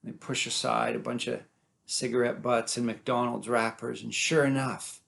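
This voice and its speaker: A man telling folk tales aloud, animated and dramatic, building up and dropping his volume. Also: mid-range voice, normal speed, creaky. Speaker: storyteller. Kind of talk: oral folk-tale storytelling.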